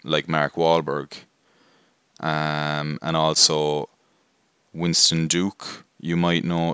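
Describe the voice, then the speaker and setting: A man's voice: rumbling low, flat delivery, slow, sharp tone, clear, resonant tone, no room sound, studio quality. A man hosting a casual film review podcast, rambling and self-deprecating with lots of fillers. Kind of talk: casual spoken movie review.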